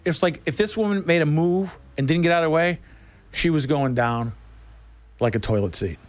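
A middle-aged man hosting a radio show, telling a casual story in a folksy, animated way. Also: fairly high pitch, moderate pace. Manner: animated, folksy, laughs between lines. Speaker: radio host.

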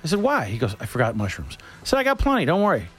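A man's voice: on the high side, rapid-fire. A man on the radio, telling a rambling funny story in a casual chat style, joking and laughing as he goes. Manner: animated, laughing, jokey storyteller.

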